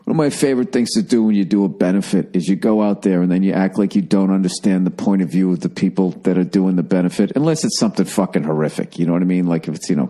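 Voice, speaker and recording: A man hosting a podcast from home, rambling in a sardonic, profane monologue at a hushed level. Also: sits low. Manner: profane, sardonic, talking quietly. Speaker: podcast host. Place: at home, indoors.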